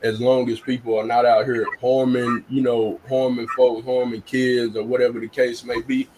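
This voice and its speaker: A man's voice: medium pitch, flat delivery, moderate pace, a little mellow, slight background noise, rough recording. A man speaking bluntly and earnestly in casual live-stream chat, often restarting and repeating words.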